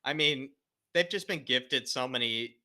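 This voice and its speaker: A man with a piercingly bright, sharp tone co-hosts a football watch-along at a middling pitch. He rambles through jokey remarks and keeps addressing his co-host by name. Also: a little slow.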